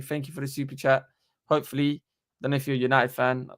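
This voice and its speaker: A young man, hosting a casual live stream into a desktop microphone and talking in an animated, slangy, sweary way. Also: mid-range voice, quick pace. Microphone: desktop USB microphone.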